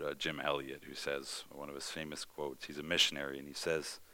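Deep-voiced man preaching a sermon. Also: bright, forceful tone, clean tone. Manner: earnest preaching with rising emphasis and measured pauses. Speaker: pastor.

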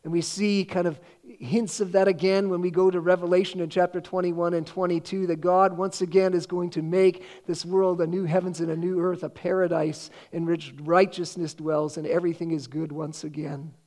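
High-voiced, mellow preaching man. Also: flat delivery, moderate pace, hardly any pauses. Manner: earnest preaching, quoting scripture with rising emphasis. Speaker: pastor. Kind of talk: sermon.

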